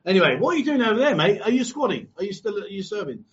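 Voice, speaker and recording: A man's voice: high-pitched, sing-song, very fast. A man hosting a casual live stream, reading out viewer comments and teasing his co-host. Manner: joking, teasing, swears freely. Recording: dull lo-fi live stream audio.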